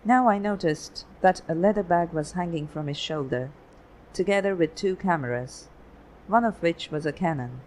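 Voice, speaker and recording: Audiobook narrator, steady, unhurried, mid pitch, faint background noise. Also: rough recording. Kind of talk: scripted narration.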